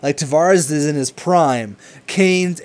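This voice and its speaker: Excitable young man commenting on gameplay. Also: fairly high pitch, slow. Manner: excitable, swings from hype to frustrated swearing. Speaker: gaming commentator.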